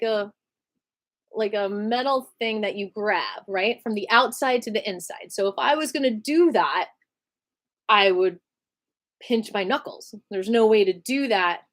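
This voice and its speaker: A woman telling a story in a casual storytime vlog, chatty and animated, laughing often and using lots of fillers. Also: fairly high pitch. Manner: animated retelling with many fillers. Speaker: vlogger.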